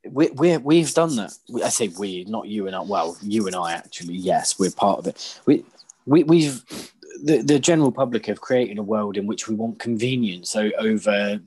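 Man, low husky voice, loose rambling podcast chat, swears a lot. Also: a little mellow. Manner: rambling, sweary, many restarts. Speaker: podcast co-host. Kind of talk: casual chat.

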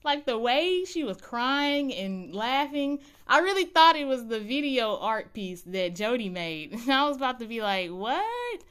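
Animated woman recapping a show for viewers; smooth, resonant tone. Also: fairly high pitch, moderate pace, hardly any pauses. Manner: animated, chatty storytelling. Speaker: TV recap vlogger. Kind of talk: casual episode recap.

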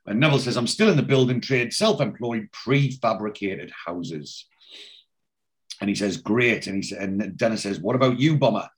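Speaking with a fairly low pitch, lively intonation and moderate pace, a man on a casual podcast walks through a TV episode scene by scene. He reads the characters' lines in his ordinary retelling voice, padding with ums and restarts.

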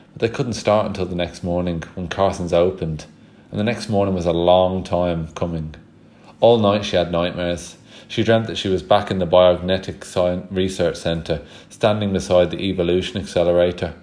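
Deep-voiced man reading a storybook. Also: steady tone, normal speed, a little mellow. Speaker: audiobook reader. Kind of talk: reading a children's novel aloud.

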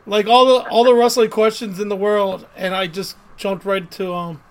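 A man's voice: high voice, flat delivery, normal speed. A man co-hosting a casual podcast interview, asking chatty questions like an eager fan and laughing easily.

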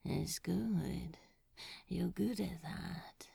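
A woman reading a story aloud and voicing a weary, self-mocking male demon in a soft, half-whispered voice. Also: mid-range voice, animated, takes it slowly, vocal fry, dry recording, studio quality, exaggerated voice. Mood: drowsy, hesitant.

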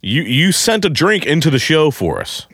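A man's voice: fairly high pitch, sing-song, normal speed, fairly bright tone, breathy edge, no echo, studio quality. A man hosting a casual podcast, laughing a lot and reading out listener comments. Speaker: podcast host.

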